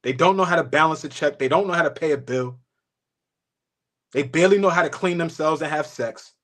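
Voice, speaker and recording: A man co-hosting a sports talk show, animated and profane, breaking into laughter. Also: a little high, a little fast. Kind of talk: casual sports chat.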